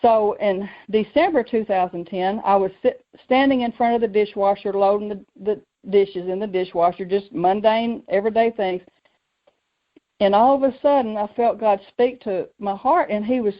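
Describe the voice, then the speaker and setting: Woman storyteller, lively, muffled radio sound. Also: mid-range voice, moderate pace. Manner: lively, acts out quoted voices, laughs often. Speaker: radio show host telling her story. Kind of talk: personal storytelling on faith talk radio.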